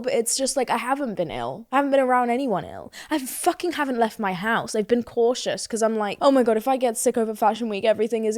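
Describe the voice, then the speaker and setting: Sweary, animated woman podcasting. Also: on the high side. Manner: expressive, sweary, self-mocking with frequent laughs. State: slightly ill, throat irritation. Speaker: podcast host. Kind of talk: casual solo podcast monologue.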